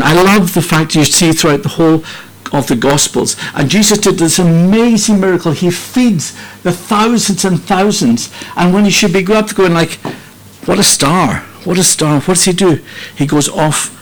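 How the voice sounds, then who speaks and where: A man's voice: a little high, low-quality recording. A middle-aged man preaching an earnest, heartfelt sermon, often repeating and restarting phrases.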